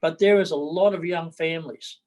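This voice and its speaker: A man's voice: on the high side, fairly quick, darkish tone, low-quality recording. A middle-aged man with an Australian accent, a political candidate talking bluntly in an interview, repeating his words as he goes.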